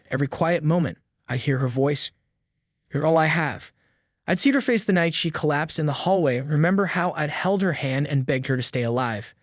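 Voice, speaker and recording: A man's voice: fairly high pitch, no echo, clean studio sound. A man reading a scripted first-person drama story in a somber, earnest way. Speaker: narrator.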